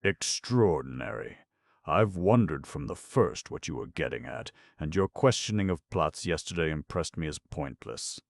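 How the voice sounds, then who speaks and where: A man's voice: rumbling low, lively intonation, moderate pace, dry recording, studio quality, exaggerated voice. A man reading an audiobook, voicing a stern, indignant district attorney who speaks bluntly and coldly. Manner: blunt, exasperated and cold.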